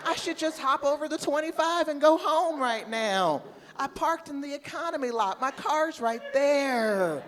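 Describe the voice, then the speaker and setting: Brash forty-something woman doing stand-up. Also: on the low side. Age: 40s. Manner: brash, oversharing, ranting with bursts of loud outrage. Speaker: stand-up comedian. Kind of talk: stand-up comedy set. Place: comedy club stage with live audience. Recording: reverberant live venue with audience laughter.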